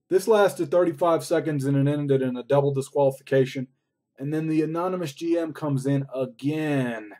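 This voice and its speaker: A man with a warm, mid-range voice recaps a wrestling show, giving casual, rambling play-by-play peppered with frequent swearing.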